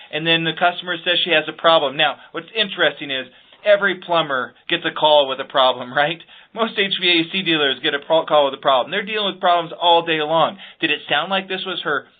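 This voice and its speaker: A man teaching staff how to handle phone calls, speaking earnestly and with emphasis, often repeating words as he starts a point. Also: a little high. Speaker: sales trainer. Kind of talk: podcast instruction on phone skills. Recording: phone-like lo-fi audio.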